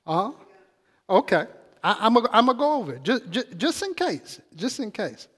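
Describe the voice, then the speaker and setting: A pastor delivers a sermon in a church, his high-pitched voice sing-song, fairly bright, and a little fast. He chats conversationally and calls out questions to the congregation, while the church hall adds a long reverb.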